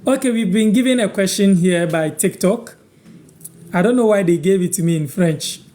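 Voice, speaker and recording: A man from Ghana teaching words on a live stream, patiently repeating each phrase slowly for viewers. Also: high-pitched, warm tone, slight background noise. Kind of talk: live-stream language lesson, answering viewers.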